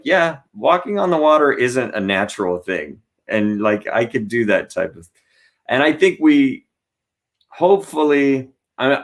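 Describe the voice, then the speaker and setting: A man, a guest comedian, chatting in an interview and telling stories with animated asides and quick voice impressions. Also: on the low side. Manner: animated storyteller who acts out voices. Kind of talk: casual interview chat.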